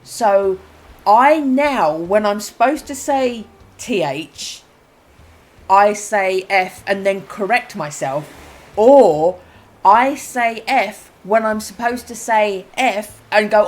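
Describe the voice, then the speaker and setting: A woman in her fifties from Essex, England, chats casually while playing a game, thinking aloud with ums and quick self-corrections. Her Essex English accent is softened by her mother's corrections, her voice is mid-range, and the audio quality is poor.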